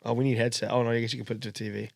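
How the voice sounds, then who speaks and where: A man's voice: mid-range voice, level tone, gravelly, no echo. A man co-hosting a podcast, teasing and joking with guests in casual chat. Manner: teasing, jokey, quick to laugh. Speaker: podcast co-host.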